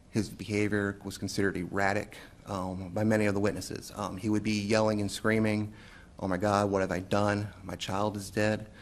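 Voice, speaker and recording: A man, a police investigator, giving courtroom testimony in a measured way, with frequent hesitant pauses. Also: lowish voice, a little hiss or hum.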